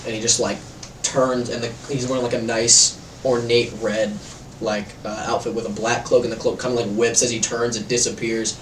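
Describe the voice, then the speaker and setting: A man's voice: medium pitch, little pitch movement, moderate pace, fairly bright tone. A man narrating a tabletop game as game master, rambling with many fillers. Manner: rambling, heavy use of "like" fillers. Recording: echoey room, distant mic, faint noise.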